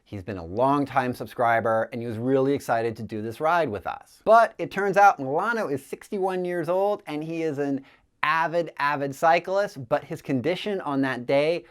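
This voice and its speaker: A man's voice: fairly high pitch, normal speed, clear, resonant tone. Enthusiastic man telling a ride story. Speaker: cycling channel host. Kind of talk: storytelling voice-over.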